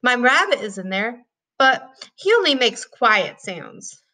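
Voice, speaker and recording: A woman's voice: on the high side, sing-song, unhurried, pushed and bright, full character voice. Woman voicing an earnest young schoolgirl. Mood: friendly. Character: young schoolgirl, kind and a bit worried.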